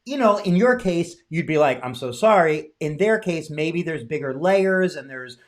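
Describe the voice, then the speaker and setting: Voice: mid-range voice, animated, normal speed. A podcast host in casual chat, reasoning aloud with many fillers.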